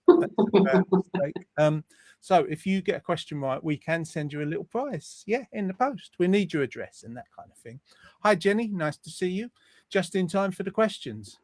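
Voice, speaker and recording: A man with a fairly high voice hosts a live online chat show. He sounds upbeat and chatty as he reads out viewer greetings. The sound is dry and close. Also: no room sound. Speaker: host.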